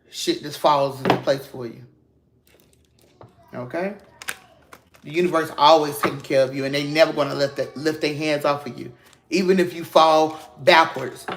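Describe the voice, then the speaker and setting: Guy doing a tarot reading, kinda high voice, preachy and hyped, cusses a lot, bit of hiss behind. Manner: emphatic, preachy and encouraging, with cursing slang; talks straight to viewers with "baby" and "y'all". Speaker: tarot reader. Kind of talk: casual spiritual tarot reading.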